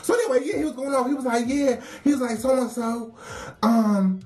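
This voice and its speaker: A woman's voice: high-pitched, moderate pace, a little mellow. A woman, telling a casual work story, laughing often and acting out the voices of the people she quotes.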